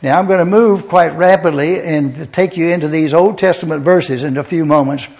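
A man's voice: fairly high pitch, normal speed, creaky, a little mellow. A man preaching a methodical Bible lesson in a church, spelling out Greek words letter by letter. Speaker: pastor. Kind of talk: verse-by-verse Bible teaching. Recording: dull lo-fi recording.

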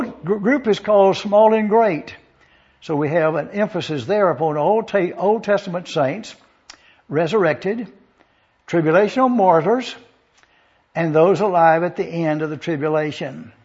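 High-voiced husky male Bible teacher. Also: a little slow, a little mellow, dull audio. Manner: methodical, repeats points for review; dry sarcasm. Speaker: preacher.

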